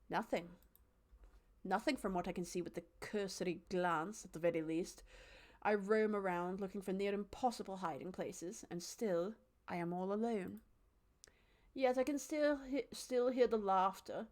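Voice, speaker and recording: A woman's voice: fairly high pitch, a little hiss or hum. A young woman streaming a game, reading its narration dramatically and chatting with her cat and viewers. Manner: chatty and animated, reads narration with dramatic flair, talks to her cat and chat. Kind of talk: live let's-play with dramatic reading of game text.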